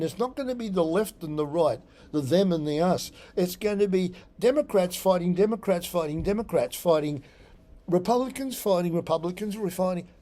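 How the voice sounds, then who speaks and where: A man's voice: high voice, warm tone, slight background noise. An Australian man, a psychic medium, talking through a rambling solo blog monologue and often repeating his phrases.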